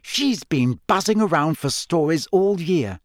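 A man voicing a clever, earnest teenage schoolgirl witch in an audiobook, talking in an eager, brisk, know-it-all way. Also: fairly high pitch, animated, no echo, clean studio sound, pitched above the performer's own voice. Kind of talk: audiobook character voice.

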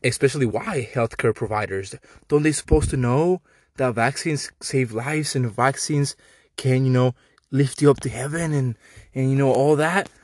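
A man with a Mexican accent voicing a mocking high sing-song impression of a naive true believer. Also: moderate pace, darkish tone, no echo, lightly acted.

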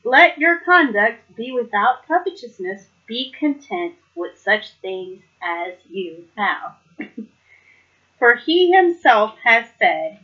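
A woman's voice: mid-range voice, lo-fi sound. A woman giving a casual, earnest devotional talk. She reads scripture aloud and reflects on it, often laughing lightly between points. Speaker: Bible study speaker.

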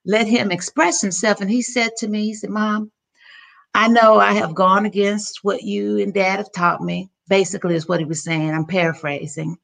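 A woman's voice: mid-range voice, fairly even intonation, normal speed, creaky, a bit bright. A middle-aged woman, an interview guest, telling a personal story in an earnest, emotional way with many restarts.

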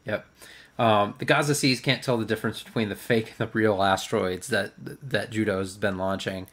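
A man's voice: fairly low pitch, steady tone, moderate pace, a bit bright. Casual male podcast host, rambling recap. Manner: rambling, filler-heavy recap. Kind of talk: casual chat.

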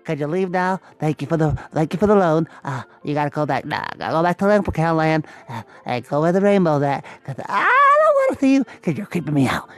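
A man's voice: very animated, brisk, few pauses, a bit bright. A man voicing a jittery, rambling male oddball who stammers and repeats himself. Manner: stammering, repeats words, pitch swooping wildly.

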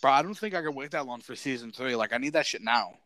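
A young adult man rattles through his take on a series in casual podcast chat. He swears often and speaks in slang with mid-pitched energy. The recording is dry, with little room sound. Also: fast, no room sound. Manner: profane, excitable, slangy. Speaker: podcast co-host. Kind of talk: casual show review chat.

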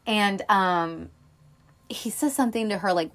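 Woman rambling about a movie she loves, swears a lot, um and like everywhere, mid-pitched voice. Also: moderate pace, fairly bright tone. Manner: chatty and profane, lots of fillers and asides. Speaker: film podcaster. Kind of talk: casual film review chat.

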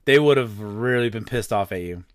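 A man hosting a podcast in casual chat, expressive, swearing freely and exclaiming often. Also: fairly low pitch, normal speed, no echo, clean studio sound. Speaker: podcast host.

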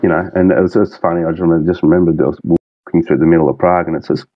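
Australian man, very low voice, halting casual storyteller, muffled dry sound. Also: fairly even intonation, no echo. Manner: rambling, halting, full of restarts and fillers. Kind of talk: casual chat.

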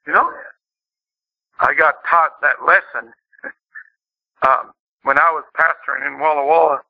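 A male pastor preaching a sermon, swinging from low, conversational talk to loud, impassioned cries. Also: fairly even intonation, moderate pace, creaky, muffled recording. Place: church.

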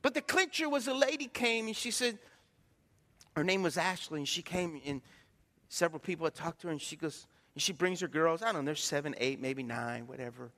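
A middle-aged male pastor preaching a sermon, telling stories with animated swings between loud and hushed delivery. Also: on the high side, brisk. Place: church sanctuary. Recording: long hall reverb.

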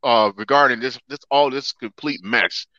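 A man's voice: mid-range voice, normal speed, pushed and bright, no room sound, lo-fi sound. A man hosting a casual podcast, reading headlines and steering the talk between jokes. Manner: tries to steer the talk, laughing along. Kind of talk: casual chat.

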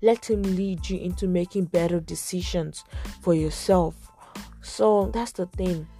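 Young woman, mellow low voice, casual faith chat, soft music behind. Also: steady tone, a little slow. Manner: earnest, conversational, lots of "like" fillers. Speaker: Christian vlogger giving advice. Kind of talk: casual faith talk to camera.

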